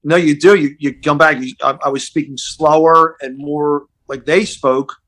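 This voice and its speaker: A man with a Philadelphia accent, a comedian on a casual podcast, telling relaxed stories that often trail off and restart. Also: fairly high pitch, normal speed.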